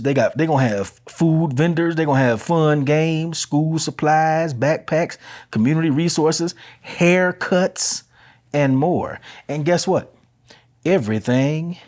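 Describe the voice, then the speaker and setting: A man's voice: fairly high pitch, unhurried, darkish tone. Man, casual podcast host, chatty and easygoing, recorded at home. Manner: laid-back, chatty, talks straight to listeners. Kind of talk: casual community announcements.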